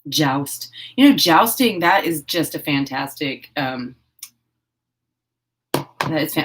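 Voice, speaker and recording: A woman hosting a casual live stream while crafting. She chats, giggles and thinks out loud. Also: low voice, a little slow. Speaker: host of a horse-themed channel.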